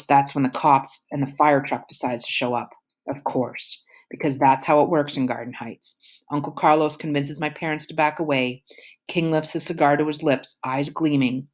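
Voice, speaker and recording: Low-voiced woman reading a novel aloud. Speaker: audiobook reader.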